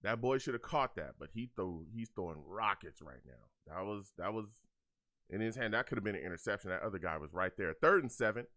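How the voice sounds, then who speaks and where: A man's voice: fairly low pitch, lively intonation, fairly quick, bright, forceful tone. A young man hosting a live game reaction show, ranting in exasperation, repeating himself, and reading out chat comments. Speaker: fan show host.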